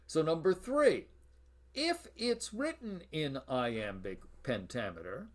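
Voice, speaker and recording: A man's voice: fairly high pitch, very animated, slow. A man giving a university lecture on verse, explaining patiently and chanting stress patterns aloud. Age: adult, past high school. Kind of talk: classroom lecture.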